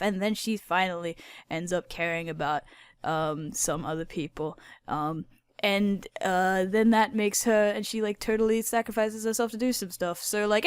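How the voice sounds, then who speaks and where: A woman hosting a casual video, rambling excitedly about anime characters, swearing a lot and using many fillers. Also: mid-range voice, normal speed, clean tone, no echo, studio quality. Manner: filler-heavy. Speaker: video host.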